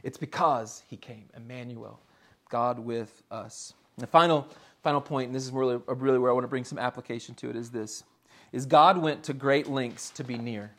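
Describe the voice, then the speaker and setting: A man's voice: mid-range voice, fairly even intonation, normal speed. A man preaching a sermon in an earnest, conversational way, repeating key phrases for emphasis. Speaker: pastor.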